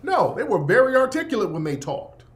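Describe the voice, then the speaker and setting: Blunt, profane radio host. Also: male voice, high-pitched, sing-song, fairly quick. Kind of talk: opinionated monologue. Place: Los Angeles.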